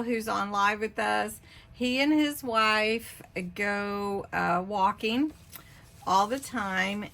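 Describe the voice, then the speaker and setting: Slow-talking woman hosting a craft channel. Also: mid-range voice, vocal fry. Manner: warm, gushing thanks. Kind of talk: casual unboxing of mailed craft cards.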